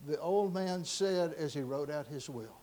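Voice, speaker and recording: A man telling a story dramatically, swinging between loud passages and hushed ones. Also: fairly high pitch, measured pace.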